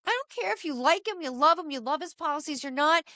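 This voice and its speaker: A middle-aged woman hosting a podcast, giving opinionated casual commentary in an animated, exasperated rant with frequent asides. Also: high voice, fast talker, no echo, studio quality. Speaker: podcast host.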